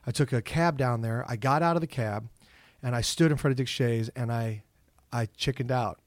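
A man's voice: medium pitch, normal speed, no echo. A middle-aged man, a comedian and actor, telling stories in a casual interview and acting out his own inner voice. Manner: animated storyteller, acts out his own inner voice. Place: office.

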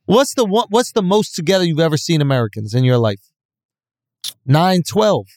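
A man with a high, swooping voice argues playfully and animatedly as a podcast co-host. His pitch moves a lot. The recording is dry and close. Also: expressive, normal speed, a little mellow, no room sound. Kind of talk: casual chat.

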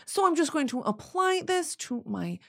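A woman's voice: high voice, big pitch swings, moderate pace, gravelly, voice pushed up, exaggerated voice. A woman parodying a vapid young female influencer in a mock-sweet, oblivious voice as a comic bit.

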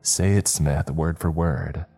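A man voicing a frightened young woman, speaking in a hushed, urgent and shaky way. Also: extremely low pitch, slow, creaky, breathy edge, faint music behind, heavily acted. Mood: tense hushed.

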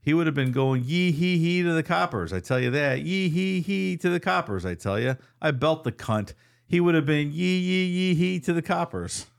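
A man voicing a gruff, rambling old Australian man with an Australian accent, muttering and repeating himself. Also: on the high side, lively intonation, normal speed, voice pushed up. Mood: menacing muttering. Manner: muttering, repetitive, sing-song cackling.

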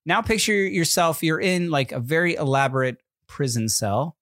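A man's voice: a little high, lively intonation, moderate pace, a bit bright, no echo. Man, casual podcast host, playful, teasing, fillers, dry close mic. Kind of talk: casual chat, running a quiz game.

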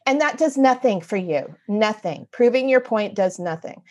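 Middle-aged woman, guest author, animated storytelling, fairly high voice, acts out her own lines. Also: normal speed, hardly any pauses.

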